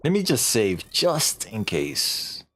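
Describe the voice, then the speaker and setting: A man's voice: fairly low pitch, slow pace, husky. A male streamer talks casually over a let's-play at a desk mic. His voice climbs and dips a lot as he jokes at his own expense and tries out goofy voices. Faint game music plays underneath. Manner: animated, chatty, self-mocking, breaks into silly put-on voices.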